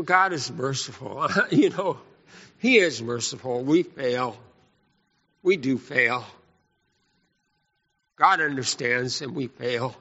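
A man preaching a sermon in an animated, folksy style. His voice is gravelly and bright. It echoes through a church hall on a muffled recording. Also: medium pitch.

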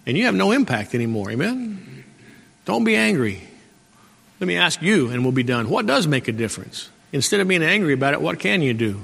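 Gravelly-voiced man preaching in a reverberant church. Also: on the high side, sing-song, a little fast, a bit bright. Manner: folksy preaching with call-and-response amens. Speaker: pastor. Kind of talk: sermon. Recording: long hall reverb.

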